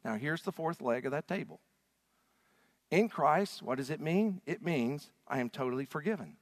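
Male pastor, fairly high voice, dynamic sermon delivery, long hall reverb. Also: expressive, normal speed. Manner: dynamic preaching, swings from hushed to shouting call-and-response.

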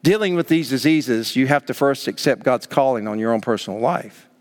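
A man preaching a sermon as pastor, emphatic and animated, acting out parents scolding their children. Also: mid-range voice, brisk, big-room sound. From Southern United States.

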